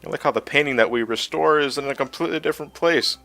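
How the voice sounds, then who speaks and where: Male stream co-host, bright tone, laughs easily, casual swearing, faint music behind. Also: medium pitch, fast talker, gravelly. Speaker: livestream co-host playing the game. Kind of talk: casual gaming livestream chat.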